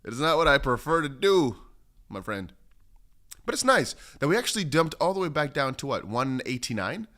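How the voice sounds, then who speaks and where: A man's voice: fairly high pitch, sing-song, moderate pace, a bit bright. A man hosting a casual crypto livestream, rambling through chart commentary and reading viewer comments aloud. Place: home studio in Dubai.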